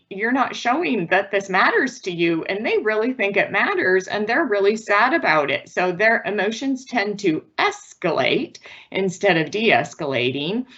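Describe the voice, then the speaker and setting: A woman presents to parents over a video call, speaking earnestly and patiently. Her voice sits in a middle pitch. The sound is a little dull and muffled. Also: pushed and bright.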